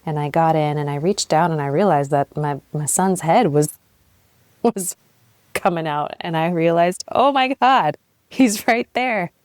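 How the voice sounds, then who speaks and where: Young adult woman podcast host with a low voice and a dry, close sound. Frank, animated storyteller. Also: unhurried, smooth, no room sound. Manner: candid and animated, swears freely, laughs at herself. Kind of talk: personal storytelling monologue.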